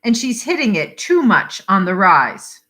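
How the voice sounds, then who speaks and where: Brief: a woman doing a blustering know-it-all Englishman, loud, put-on English accent, bright lively voice. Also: mid-range voice, measured pace. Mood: blustery. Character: pompous talkative Englishman, middle-aged man.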